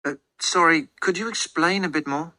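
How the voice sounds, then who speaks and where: A man's voice: a little high, normal speed, bright, forceful tone, no echo, low-quality recording. An actor playing a male customer in a scripted exam dialogue, speaking hesitantly with fillers. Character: male customer arranging shipping and insurance. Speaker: customer in a listening-test dialogue.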